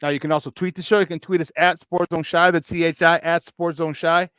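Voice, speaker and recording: A man's voice: on the high side, flat delivery, brisk, a bit bright, clear, resonant tone, dry recording. A man with a Chicago accent hosting a morning sports talk show, talking in a hyped, slangy, playful way.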